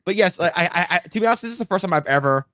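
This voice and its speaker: A man hosting a podcast, talking in an animated, rambling way with many fillers. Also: sits high, very fast, no room sound, studio quality. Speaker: podcast host. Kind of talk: casual commentary.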